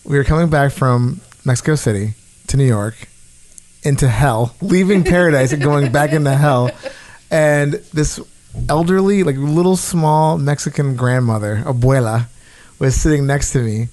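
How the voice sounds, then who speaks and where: A man hosting a podcast, telling a story in a casual, animated and profane way. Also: medium pitch, moderate pace.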